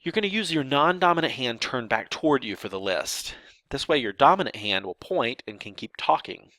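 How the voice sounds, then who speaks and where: A man's voice: mid-range voice, lively intonation, moderate pace, pushed and bright, dry recording. A man teaching sign language grammar in a lecture, explaining step by step with fillers and restarts and acting out example sentences.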